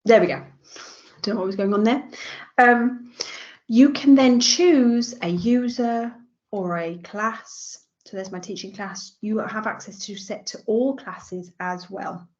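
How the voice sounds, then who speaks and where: English woman giving a software tutorial. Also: mid-range voice, highs cut off. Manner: chatty, with frequent ums. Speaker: teacher trainer.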